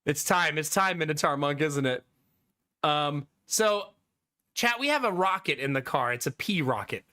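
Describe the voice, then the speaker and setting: A man's voice: on the high side, lively intonation, normal speed, pushed and bright. A man in his thirties, a live streamer telling a story to his viewers in casual chat, laughing often and swearing freely.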